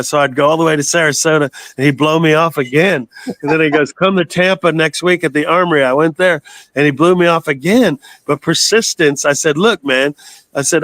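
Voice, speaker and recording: A man's voice: on the high side, a bit bright, no echo. A man in his sixties from the United States, a guest telling long rambling stories in a casual interview and swearing freely. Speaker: guest, metal singer.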